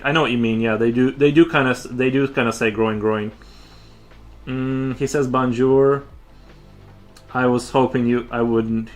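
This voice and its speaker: In his home studio, a man draws while chatting casually on a livestream in a mid-range, slightly bright voice. He rambles, often restarting and leaning on fillers.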